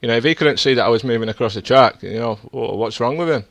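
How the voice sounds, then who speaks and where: A man's voice: medium pitch, fast talker, gravelly, fairly bright tone. A man streaming a sim race, arguing defensively and lecturing rivals over voice chat. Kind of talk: heated in-game voice chat argument.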